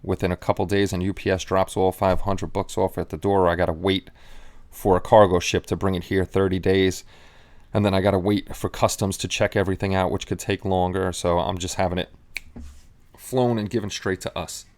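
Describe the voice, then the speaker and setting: A man's voice: low voice, flat delivery, brisk, a little mellow. A man hosting a casual live stream, chatting loosely with many fillers and restarts. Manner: rambling, with frequent restarts and fillers.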